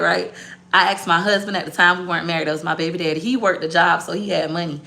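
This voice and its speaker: A woman business owner telling a story to her viewers in a blunt, profane, animated way. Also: on the low side, fast, vocal fry.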